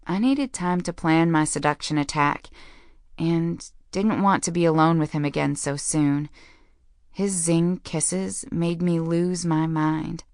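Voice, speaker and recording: A woman's voice: low voice, fairly even intonation, a little slow, dry recording, clean studio sound. A woman narrating a first-person romance audiobook in a wry, playful storytelling manner.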